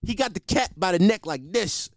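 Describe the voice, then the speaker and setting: A man's voice: high-pitched, lively intonation, moderate pace, dry recording, studio quality. A young man telling comic stories in a loose, slangy way, laughing often and swearing freely. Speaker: comedian. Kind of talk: casual comedic storytelling.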